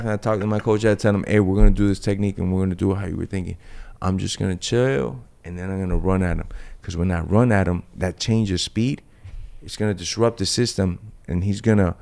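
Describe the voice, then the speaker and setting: A man telling a fight story on a podcast, brash and profane, animated as he acts out the scene. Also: low-pitched, creaky. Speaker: guest fighter.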